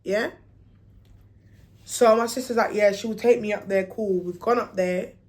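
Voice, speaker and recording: A woman's voice: mid-range voice, normal speed. A young woman, telling a personal story in a casual vlog and acting out what people said. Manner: animated, acts out quoted dialogue, slangy.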